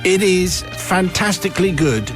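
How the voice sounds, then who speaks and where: Radio host, middle-aged English man, brisk and jokey, reads listener letters, music under. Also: high voice, expressive. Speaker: radio presenter. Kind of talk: radio show banter. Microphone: studio microphone.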